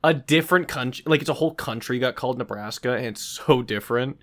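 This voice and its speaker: A podcast co-host bantering in an animated, jokey way and swearing freely. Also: mid-range voice, fast talker. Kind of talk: casual banter.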